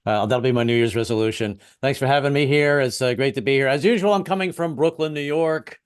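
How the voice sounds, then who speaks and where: A smooth, medium-pitched male voice moving at a quick clip: a stand-up comedian in his fifties runs a self-deprecating routine over a video call, landing wry punchlines between stammered restarts. He's American and has lived in various places, the South among them.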